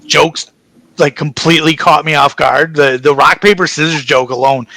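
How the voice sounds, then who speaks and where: A man guest chatting in an interview, telling stories in an excited, rambling way and acting out the back-and-forth of conversations. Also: fairly high pitch, moderate pace, no room sound, poor audio. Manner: excited, rambling storyteller, acts out quoted exchanges. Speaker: actor guest. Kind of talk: casual interview chat.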